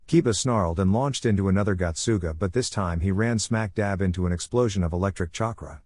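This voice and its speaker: A man reading a fan fiction story aloud in a steady, even narration. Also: low voice, fairly quick, few pauses, dry recording, studio quality.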